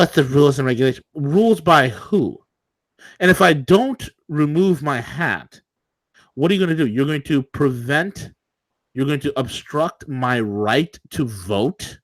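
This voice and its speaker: A man's voice: fairly high pitch, fairly bright tone, no echo. Combative ranting talk-radio man. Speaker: co-host of political talk show. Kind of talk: opinionated political talk.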